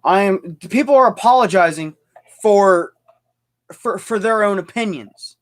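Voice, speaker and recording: A man's voice: high voice, animated, unhurried. A young man hosting a livestream, ranting heatedly with lots of stumbling restarts. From United States. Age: young adult. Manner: fired-up, repetitive, stumbling restarts. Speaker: livestream host.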